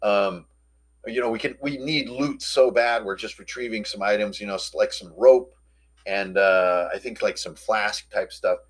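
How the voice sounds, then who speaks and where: A man hosting a casual recap of a tabletop game session, telling it in an animated, slangy way. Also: on the low side, moderate pace. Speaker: host.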